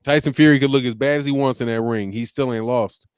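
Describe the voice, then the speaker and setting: A man hosts a loose, rambling boxing talk stream, trailing into restarts and tossing in "man" often. His voice comes through smooth and clear at a middling pitch. The sound is dry and close, with no room around it. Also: fairly even intonation, fast talker, dry recording. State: sleepy, yawning. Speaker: boxing channel host. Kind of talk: casual live-stream commentary reading viewer comments.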